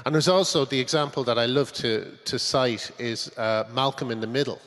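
A man from Britain, a guest comedy writer, talking on stage in a halting way with many restarts. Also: mid-range voice, a bit bright. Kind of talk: onstage conversation. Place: conference stage. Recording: long conference-hall reverb.

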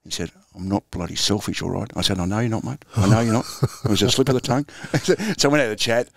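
A man's voice: mid-range voice, lively intonation, very fast, no echo, studio quality. An Australian man in his sixties, a former footballer and coach, telling anecdotes in a laid-back, chuckling interview style. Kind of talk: storytelling interview.

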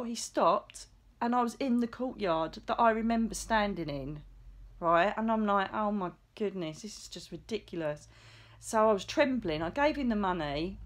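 A middle-aged woman telling a personal story in a chatty, excitable way, acting out the lines she quotes. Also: medium pitch. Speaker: psychic medium vlogger. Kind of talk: casual storytelling monologue.

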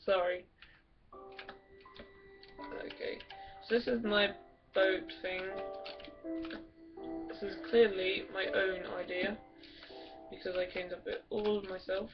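Rambling, crude woman narrating gameplay slowly. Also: medium pitch, huge pitch swings, distant mic. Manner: rambling and crude, swearing often. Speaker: gameplay commentator. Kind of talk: casual game commentary. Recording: dull lo-fi from off mic, loud music behind. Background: loud music.

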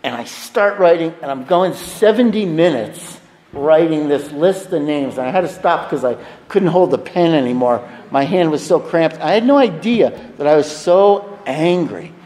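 A man's voice: a little high, animated, normal speed, mellow. A man speaking frankly and with wry humor at a recovery meeting. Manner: frank, confessional, wryly humorous. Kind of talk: personal recovery talk. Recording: reverberant hall.

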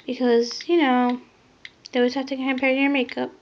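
A woman casually rambling through a makeup vlog. She often trails off into soft mutters. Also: sits high, level tone, normal speed, slight background noise. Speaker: makeup vlogger. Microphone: phone. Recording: lo-fi phone recording.

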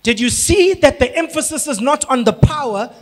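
A man from South Africa, a pastor preaching a sermon, building up to shouted emphasis. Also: very high-pitched, animated, moderate pace. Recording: long hall reverb.

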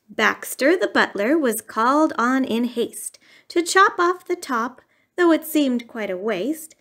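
A woman's voice: sits high, lively intonation, slow, a bit bright. A woman reading a rhyming bedtime storybook aloud in a sing-song way.

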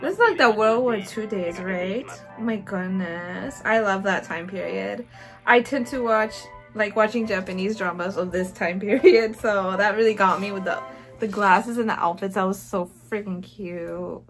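A woman's voice: mid-range voice, unhurried. A young woman hosting a music video reaction, gushing and exclaiming, now and then dropping in Japanese words. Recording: faint music behind.

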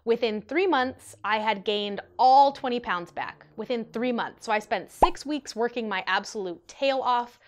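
A woman in her twenties telling an animated, chatty storytime vlog to her viewers. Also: fairly high pitch, measured pace, hardly any pauses. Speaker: vlogger.

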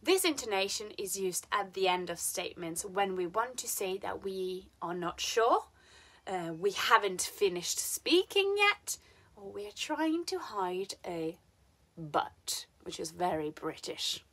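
A woman with an Italian accent teaching English intonation, speaking slowly and clearly and exaggerating the rise and fall of her example sentences. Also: mid-range voice, very animated, a bit bright. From Italy. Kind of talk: lively scripted lesson with spoken example sentences.

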